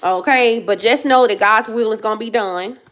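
A woman's voice: fairly high pitch, normal speed, fairly bright tone, a little hiss or hum. A woman in her thirties giving a casual tarot reading, blunt and emphatic, repeating herself and swearing freely. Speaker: tarot reader.

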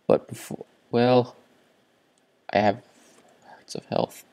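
A man with a stuffy, congested voice narrates his own gameplay in an unhurried, drawn-out way. He swings between quiet mutters to himself and sudden excited gasps. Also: mid-range voice, in a whisper. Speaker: gaming channel host. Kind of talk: let's play commentary.

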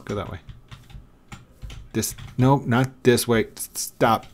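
Gravelly man coaxing in repeated commands. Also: medium pitch, fairly even intonation, slow, pauses often, a little hiss or hum. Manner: frustrated coaxing, repeats commands many times. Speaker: gaming video creator. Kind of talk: casual Minecraft commentary.

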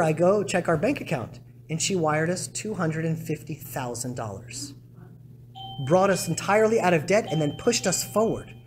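A rabbi speaking to a congregation, telling stories in an animated way and acting out quotes with big swings in pitch and loudness. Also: male voice, a little hiss or hum. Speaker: rabbi giving a talk. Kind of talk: storytelling talk to a congregation. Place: synagogue congregation hall.

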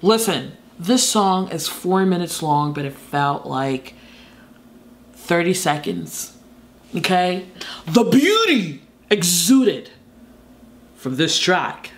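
A woman's voice: lowish voice, sing-song, slow pace, long pauses. A woman hosting a music reaction video, talking in a dramatic, exclamatory, sassy way. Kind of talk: casual reaction commentary.

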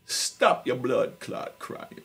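A man's voice: slow, a bit bright. A man putting on his stern older mother, blunt and scolding.

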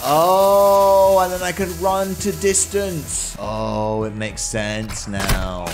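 A man doing excitable let's play commentary, reacting and repeating game dialogue. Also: a little high, very slow. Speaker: gaming YouTuber. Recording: over game music.

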